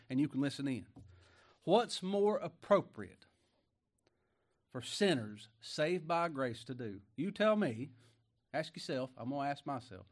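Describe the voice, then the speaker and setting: A middle-aged man preaching a folksy sermon, moving from quiet asides to emphatic raised lines. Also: a little high. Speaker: pastor.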